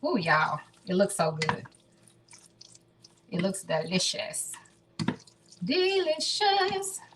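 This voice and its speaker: A woman's voice: sits low, fairly even intonation, takes it slowly, background noise. A woman in her thirties hosting a casual live cooking stream from her home kitchen, chatting straight to her viewers. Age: 30s. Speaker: home cooking show host.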